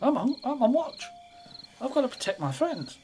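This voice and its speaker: A woman's voice: high voice, sing-song, moderate pace, music in the background. A woman role-playing her character in a tabletop game, with plummy, polite talk full of stammered restarts. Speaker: player. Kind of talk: in-character roleplay.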